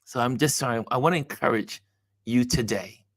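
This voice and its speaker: A man with a gravelly, creaky voice hosts a motivational talk, telling a personal story with lively, acted-out dialogue. The recording is close and dry, with no room echo. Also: mid-range voice, normal speed. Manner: animated storyteller acting out dialogue. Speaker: host.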